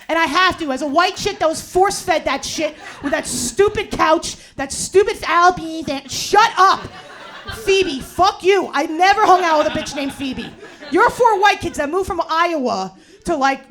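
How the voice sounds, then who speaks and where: A woman in her forties doing a stand-up set in a bar, ranting loudly and profanely with slangy fillers. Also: sits high. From New Jersey. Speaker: stand-up comedian. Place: bar in front of a live audience. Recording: live crowd laughing in a bar. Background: audience laughter.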